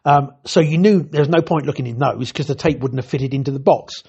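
A retired TV technician, an older man, tells chatty, dryly funny stories from his working years, often interrupting himself. His medium-pitched voice is brisk, creaky, mellow, and slightly rough, heard through dull audio.

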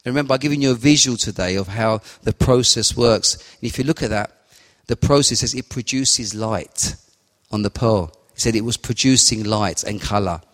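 A man's voice: fairly low pitch, normal speed, a bit bright. A man giving a fervent, repetitive sermon and spoken prayer. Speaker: lay preacher. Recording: long hall reverb.

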